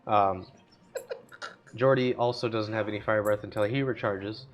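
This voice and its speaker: Man slowly narrating as game master. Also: lowish voice, steady tone. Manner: slow, measured narration with frequent laughs.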